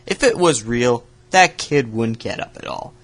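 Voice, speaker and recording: A young man hosting a reaction video, giving sarcastic, profane commentary with loud outbursts. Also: mid-range voice, lively intonation, a little slow.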